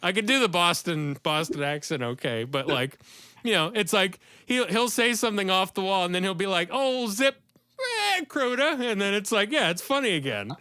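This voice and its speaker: Bright, crisp-voiced male podcast host. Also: sits high, expressive, no room sound, clean studio sound. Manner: rambling, enthusiastic, quick to laugh. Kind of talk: casual podcast chat.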